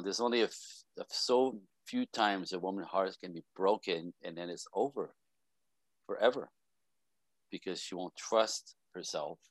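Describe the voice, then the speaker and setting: A very low-voiced man talks on a video call, passionate and rambling, often sighing and restarting his sentences. The sound is close and dry. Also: dry recording. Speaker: podcast guest. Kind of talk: casual advice talk.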